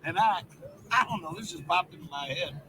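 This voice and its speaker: A man's voice: fairly high pitch, fairly quick, lightly acted. An actor playing a crude, cocky man with a Southern accent in a film, drawling and boastful. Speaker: movie character. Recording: film audio with noisy background.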